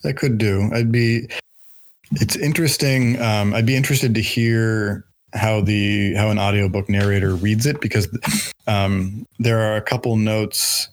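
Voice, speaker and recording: A man with a fairly low voice hosts a casual book-club podcast. He talks with eager enthusiasm and works his thoughts out aloud, restarting phrases as he goes. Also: steady tone, unhurried. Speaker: podcast host.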